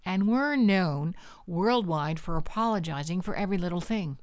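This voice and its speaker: A woman's voice: lowish voice, lively intonation, normal speed, dry recording, clean studio sound. A Canadian woman in her fifties hosting a podcast, talking in a punchy, provocative, conversational way. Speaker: podcast host. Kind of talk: solo podcast monologue.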